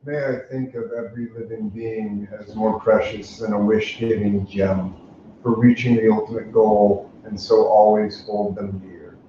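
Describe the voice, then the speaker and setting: A male student reading a short verse aloud in class, slow and even. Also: on the low side, far from the mic, a little hiss or hum. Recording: echoey dull room recording from afar.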